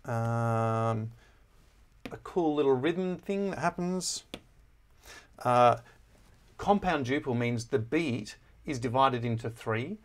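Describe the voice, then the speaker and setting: A man explaining a musical score in a relaxed, chatty way, often pausing with fillers and correcting himself as he goes. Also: mid-range voice. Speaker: music teacher. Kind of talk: casual score walkthrough.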